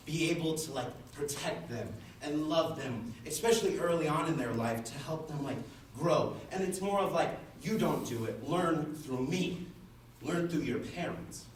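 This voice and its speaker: A man's voice: a little high, a little hiss or hum. Give me a young male student presenting casually, heard from far off in a roomy classroom. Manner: casual storytelling, frequent "like" fillers. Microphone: far room mic.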